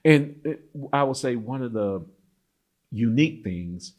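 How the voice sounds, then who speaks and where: Middle-aged black american guy, lively storyteller, laughs a lot, voice jumps up and down. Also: medium pitch, a little slow. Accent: African-American English. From United States. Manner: animated, laughs often, acts out quoted voices. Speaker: interview guest. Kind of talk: casual storytelling interview.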